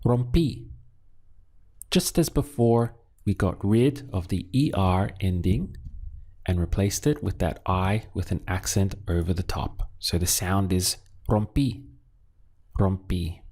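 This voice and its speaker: A man teaching Spanish, patiently drilling phrases and repeating each word slowly. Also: deep voice, darkish tone. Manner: slow, patient, deliberate drilling with repeated words. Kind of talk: language lesson with drills.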